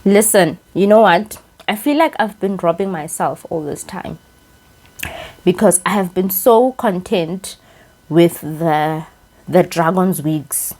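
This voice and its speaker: A young South African woman chatting casually as she reviews a wig, excitable and expressive, switching languages mid-sentence. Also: lowish voice, slow. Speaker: beauty YouTuber reviewing a wig. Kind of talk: casual chat.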